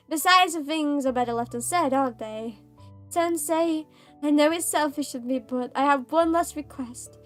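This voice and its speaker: A woman reading the lines of a weary, tender schoolgirl saying goodbye in a soft, resigned way. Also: high-pitched.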